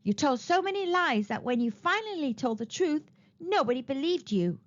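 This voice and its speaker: A woman's voice: high voice, very animated, normal speed, pitched above the performer's own voice. A woman voicing a humble young shepherd boy turned reluctant prince, plaintive and a bit whiny, in a storybook read-aloud. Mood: calm. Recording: slightly dull lo-fi recording.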